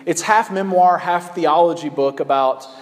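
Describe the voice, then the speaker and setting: A man's voice: fairly high pitch, normal speed, in a large hall. A man preaching a sermon in a conversational way, with frequent ums and uhs. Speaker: pastor.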